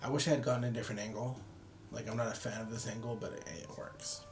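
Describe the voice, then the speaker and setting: A man's voice: medium pitch, level tone, fast, noisy background. A tired young man casually rambling and joking as he walks through his photos. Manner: rambling, self-deprecating, laughs at own jokes. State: tired, yawning. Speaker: photography vlogger. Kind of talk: casual chat.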